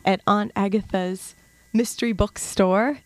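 A woman hosting a radio interview in a studio, halting and restarting her questions. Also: mid-range voice, fairly even intonation, no echo. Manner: hesitant, many fillers and restarts. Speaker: radio show host.

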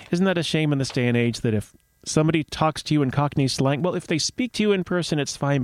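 A man's voice: mid-range voice, a little mellow, no room sound. Male host, casual commentary, wry jokey asides, dry close mic.

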